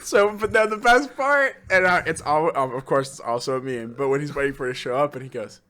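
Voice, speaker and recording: A young man co-hosting a casual movie podcast, going hoarse and laughing often as he acts out quoted lines. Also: fairly high pitch, a little fast, sharp tone. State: losing his voice. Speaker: podcast co-host.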